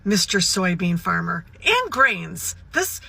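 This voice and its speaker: A man speaking emphatically with a gravelly voice. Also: sits high, big pitch swings, takes it slowly, bright, forceful tone, dry recording.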